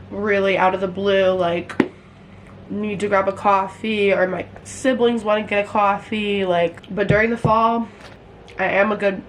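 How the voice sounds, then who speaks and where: A woman's voice: medium pitch, noisy background. A young woman in her twenties chatting casually to camera in a sweary, filler-heavy vlog, feeling sick. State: sick and congested. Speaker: lifestyle vlogger. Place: at home indoors.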